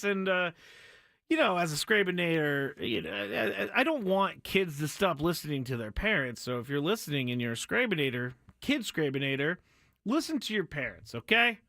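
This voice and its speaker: Excitable man hosting a sports talk show. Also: fairly high pitch, brisk, gravelly, no echo. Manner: excitable, apologetic, rambling. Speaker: podcast host.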